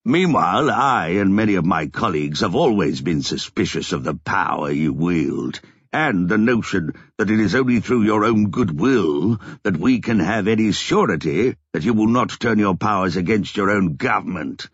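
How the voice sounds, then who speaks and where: A man's voice: sits low, lively intonation, normal speed, slightly rough, no room sound, muffled recording, heavily acted. A man voicing a smug, menacing government official who sneers and slips into East End slang.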